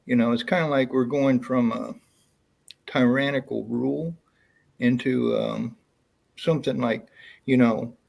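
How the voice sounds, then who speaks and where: A man on a call speaking in a halting way, with many pauses and ums. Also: medium pitch, steady tone, vocal fry, darkish tone. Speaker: call-in guest. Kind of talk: casual call-in chat.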